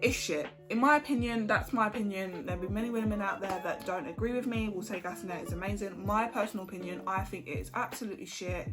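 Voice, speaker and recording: A woman's voice: medium pitch, fast, hardly any pauses. A young woman telling her story in a frank, chatty way, swearing casually. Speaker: vlogger. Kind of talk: candid storytime chat. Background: background music.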